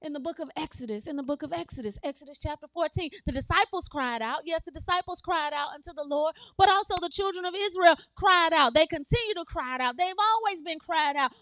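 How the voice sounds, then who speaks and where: Woman pastor, sermon, high voice, dry sound, call-and-response. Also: a bit bright, dry recording. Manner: call-and-response preaching, repeats phrases, laughs with congregation. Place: church sanctuary.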